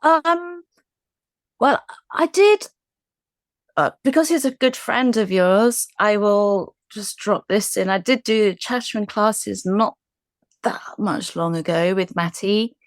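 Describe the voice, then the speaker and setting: A woman's voice: medium pitch, slow, no room sound, studio quality. A woman with a British accent, a podcast guest chatting playfully and giggling often. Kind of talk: casual chat.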